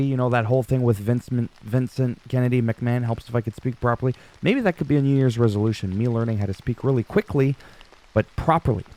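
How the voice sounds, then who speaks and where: A man's voice: medium pitch, a little mellow, no echo. A man in his forties giving casual solo wrestling news commentary, joking and self-mocking with rambling asides.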